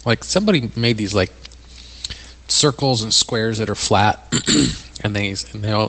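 A man's voice: fairly low pitch, fairly bright tone, in a large hall, poor audio. Dry-voiced male skeptic guest. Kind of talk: casual studio chat. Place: radio studio.

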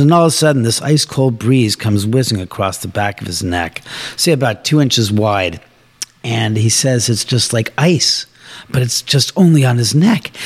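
A man telling his house's ghost stories on a live show, acting out the voices of the people he quotes. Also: mid-range voice. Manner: animated storyteller, acts out quoted voices. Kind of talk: live podcast storytelling. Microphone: shared studio mic.

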